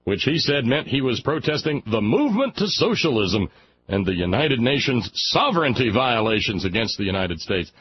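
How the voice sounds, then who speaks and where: On his talk radio show, a man from Alabama reads a news story and breaks away for sarcastic, mocking asides, delivering sardonic commentary. His mid-range voice is very animated at a normal speed; the highs are cut off and there's slight background noise.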